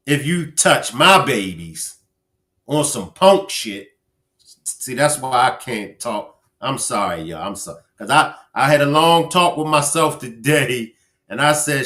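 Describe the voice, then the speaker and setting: A man's voice: on the high side, expressive, normal speed, pushed and bright. Emphatic man live-streaming commentary. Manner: talks straight to chat viewers, emphatic, repeats phrases. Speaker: livestream commentary host.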